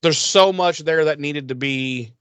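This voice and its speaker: A man co-hosting a podcast, chatting about a TV episode in an animated, jokey way. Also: on the high side, clean tone, no room sound. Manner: animated, jokey, quick asides. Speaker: podcast co-host. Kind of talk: casual recap chat.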